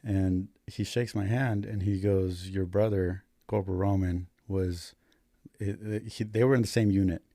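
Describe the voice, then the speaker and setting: Man, thirties, low voice, casual swearing storyteller, dry studio sound. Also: fairly even intonation, unhurried, dry recording. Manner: profane, laid-back storytelling that grows loud and laughing. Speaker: podcast guest, paramedic and Marine veteran.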